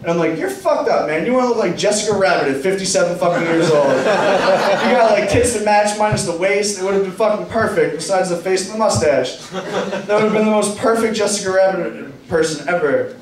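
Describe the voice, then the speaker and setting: A man's voice: high voice, a little fast, a crowd in the background. A man doing a stand-up comedy set in a club bar, telling crude stories and acting out what people said. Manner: profane storytelling, acting out quoted lines. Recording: echoey room, distant mic, club noise.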